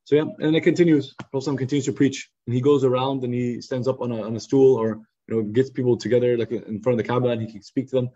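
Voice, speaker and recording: A man teaching a youth study circle in a lively, conversational storytelling style, acting out quotes over a video call. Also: medium pitch, fast talker, few pauses. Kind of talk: casual storytelling lesson. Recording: slightly muffled lo-fi recording.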